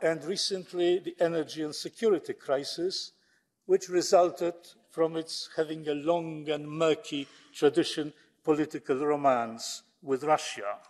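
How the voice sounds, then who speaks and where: A man delivers a formal parliamentary speech, sharp and sarcastic in its jabs. His voice sits somewhat high for a man. It carries the long echo of a large debating chamber. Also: fairly even intonation, a little slow. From Poland. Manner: sarcastic, combative oratory. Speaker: member of parliament. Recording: long reverb of a large hall.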